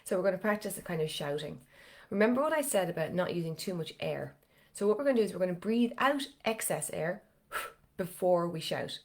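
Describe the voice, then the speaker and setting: A woman coaching singers in a live online lesson, talking in a somewhat low voice that sounds a little strained. She guides the class step by step and keeps the tone chatty and encouraging. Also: lively intonation, fairly quick, a little mellow. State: slightly strained voice. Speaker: vocal coach.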